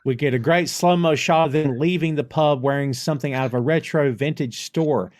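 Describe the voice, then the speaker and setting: A man's voice: on the high side, a little fast. A man co-hosting a casual TV review podcast, recapping the episode's plot from his notes. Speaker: podcast co-host.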